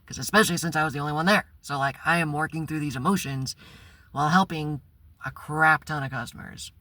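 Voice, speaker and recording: A man's voice: on the high side, fast, bright, forceful tone, dry recording. A man telling a personal story in a casual, rambling vlog, swearing and breaking into bursts of exasperation. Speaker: spiritual vlogger.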